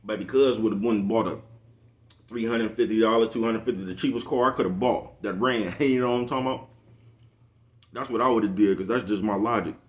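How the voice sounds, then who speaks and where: Fast-talking low-voiced man rambling. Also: fairly even intonation. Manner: rambling, repeats "you know what I'm talking about"; laughs at his own jokes. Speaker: vlogger. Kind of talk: casual monologue.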